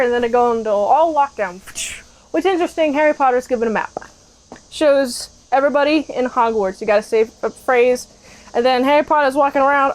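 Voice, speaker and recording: High-voiced woman doing a playful movie recap. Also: brisk, rough recording. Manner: playful and jokey, acts out characters; chatty with frequent fillers. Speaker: movie reviewer.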